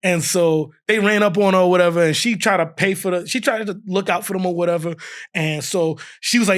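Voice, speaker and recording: A man's voice: sits high, moderate pace. A man guest on a podcast telling a funny story in casual talk, laughing often and acting out what others said. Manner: animated, laughs often, acts out quotes.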